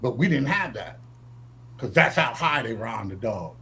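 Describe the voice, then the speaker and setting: A man's voice: mid-range voice, lively intonation, normal speed, gravelly, sharp tone, a little hiss or hum. A man from the northern United States telling profane stories in a brash, swaggering way, acting out quotes in a raised voice. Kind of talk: profane storytelling.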